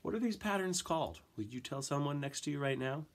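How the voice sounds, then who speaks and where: A man's voice: on the high side, expressive, a little fast. A man teaching an elementary music class, counting in and chanting rhythm syllables for the children to clap along.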